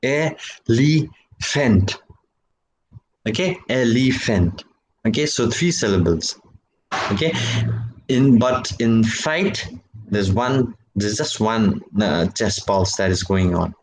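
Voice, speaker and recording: In this poetry lecture, a male university instructor talks in an animated yet slow, deliberate way, peppering his speech with "okay" and "right." Example words get drawn out, each one jumping higher in pitch. There's slight background noise on a low-quality recording.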